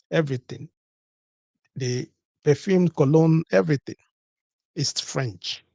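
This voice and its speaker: Gravelly husky-voiced man hosting a podcast. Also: medium pitch, darkish tone, dry recording. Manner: rhetorical, repeats points with "okay?" and "what?". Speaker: podcast host. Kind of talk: solo podcast talk.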